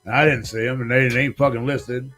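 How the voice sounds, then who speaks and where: A man's voice: medium pitch, fairly quick, soft background music. Foul-mouthed man in his forties, storytelling. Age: 40s. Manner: profane, animated storytelling, acts out other people's lines. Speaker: podcast host. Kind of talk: casual storytelling chat.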